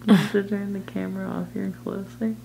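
A woman's voice: medium pitch, flat delivery, normal speed, creaky, poor audio. A woman chatting playfully and teasing in a casual vlog at a friend's home at night. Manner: playful, teasing, often laughing. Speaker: vlogger. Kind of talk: casual travel vlog chat.

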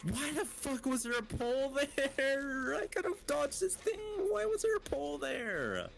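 A young man in casual voice chat while gaming, loudly ranting and swearing at his teammates over a headset mic. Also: very high-pitched, very animated, a little slow, gravelly. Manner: loud, profane and exasperated ranting at teammates. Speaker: gamer.

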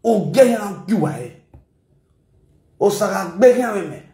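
A man's voice: high-pitched, lively intonation, moderate pace, dark tone, reverberant. A man with a Nigerian accent giving casual, mocking commentary in a rant. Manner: mocking, mixes pidgin and local languages. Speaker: online commentator.

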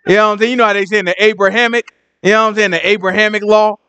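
A man teaching Bible study in casual, animated commentary, full of slang and "you know what I'm saying". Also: sits high, rapid-fire, clear, resonant tone. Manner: animated and joking.

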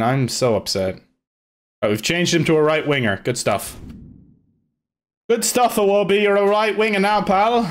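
A young man giving loose live commentary on his own football video game, swearing and shouting at his players. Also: medium pitch. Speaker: gaming video creator.

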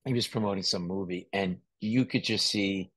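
A man hosting a podcast, telling lively stories in casual chat, laughing often and mimicking voices. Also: sits low, moderate pace, dry recording. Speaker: podcast host.

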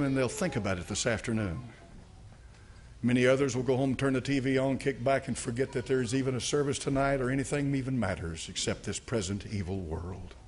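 A man, a pastor preaching and praying aloud in a church service, earnest and dropping low and quiet in prayer. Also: a little hiss or hum. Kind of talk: sermon.

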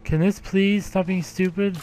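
A man giving gameplay commentary, profane, grumbling and yelling at the game. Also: high voice, flat delivery, a little slow, soft background music. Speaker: let's play gamer.

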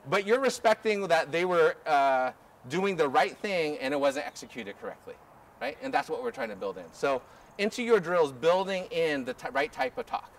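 A man coaching a group through drills outdoors, energetic and instructive, often checking in with "okay?". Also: fairly high pitch, moderate pace. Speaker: ultimate coach. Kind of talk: outdoor coaching clinic demonstration. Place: outdoor field.

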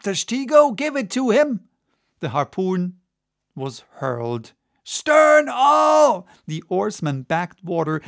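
A man reading a classic novel aloud as an audiobook, in slow, measured, deliberate narration. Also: on the high side, vocal fry, dry recording, studio quality. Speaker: audiobook reader.

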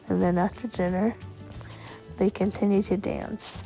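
A woman narrating a bedtime-style story in a gentle, unhurried way. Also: mid-range voice, fairly even intonation, creaky, soft background music, poor audio.

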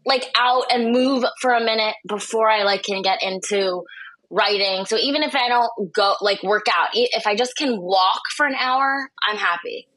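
A woman's voice: medium pitch, normal speed, fairly bright tone, low-quality recording. A woman comedian as a podcast guest, blunt and sardonic, swearing freely in casual chat.

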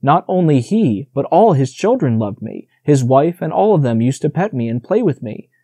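A man's voice: mid-range voice, big pitch swings, normal speed, mellow, slightly rough, no room sound. A man reading the part of a proud young male deer who boasts about his time with people, in an audiobook. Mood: boastful.

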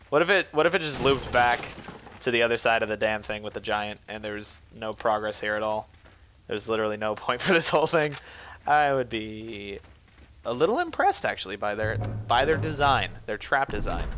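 A man giving goofy, self-mocking commentary while playing a video game, jumping to silly high yelps. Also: a bit bright, slight background noise. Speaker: let's play gamer. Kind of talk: joking gameplay commentary.

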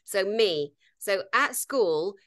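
A woman's voice: mid-range voice, lively intonation, slow pace, a bit bright. A woman co-hosting a casual chat, talking in a chatty, hesitant way with frequent ums. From Britain. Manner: chatty, hesitant, with many ums and throat clears. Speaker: co-host.

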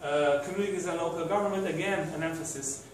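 Guy lecturing w lots of ums, kinda high voice, super echoey room, mic far off. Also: fast, background noise. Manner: hesitant, many fillers and restarts. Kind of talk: university lecture.

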